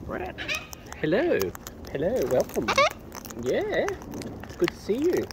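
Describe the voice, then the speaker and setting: A man talking to birds in a playful, coaxing way, his pitch leaping up and down wildly. He speaks slowly and leisurely. The recording carries loud outdoor noise, with birds and rustling behind him. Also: wildly swooping pitch. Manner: playful, coaxing sing-song chatter to birds. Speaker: bird-feeding vlogger. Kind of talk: casual talk to birds while filming. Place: outdoors in a yard, feeding wild birds.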